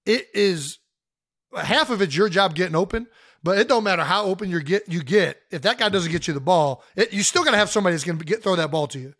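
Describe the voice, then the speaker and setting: A man from Ohio co-hosting a podcast, telling stories in an animated, joking way. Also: high-pitched, quick pace, dry recording, clean studio sound. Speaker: podcast co-host. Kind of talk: casual chat.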